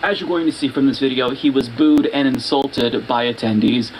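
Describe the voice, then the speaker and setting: A man with a mid-pitched voice introduces clips in a dry, deliberate manner. Clear background noise and clicks run under his voice. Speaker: host. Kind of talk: casual commentary introducing clips.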